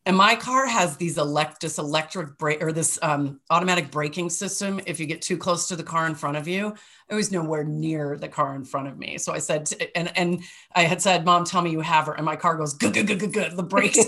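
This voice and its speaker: A middle-aged woman with a fairly low voice shares personal stories on a podcast. She talks casually and emotionally, breaking into laughter and dropping the odd mild curse. Her storytelling is loose and animated. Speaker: podcast co-host.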